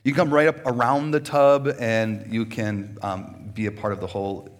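A man's voice: fairly low pitch, little pitch movement, moderate pace. A man pastor speaking from a church stage in a loose, chatty way. He jokes, laughs often between phrases and restarts his sentences as he talks. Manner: chatty and joking, with frequent restarts. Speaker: pastor leading baptisms. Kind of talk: casual sermon invitation.

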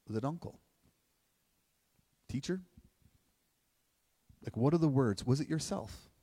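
A middle-aged man giving a motivational talk to a live audience, his voice sitting at an ordinary middle pitch. He talks in a loose, animated way, firing off questions and checking in with "right?". A long hall reverb trails after every phrase. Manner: conversational, animated, asks many questions, keeps tagging "right?". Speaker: motivational speaker.

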